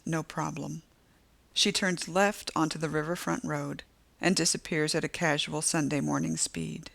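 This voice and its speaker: A woman's voice: low-pitched, creaky, fairly bright tone. A woman narrating a first-person novel as an audiobook, with tense, vivid storytelling.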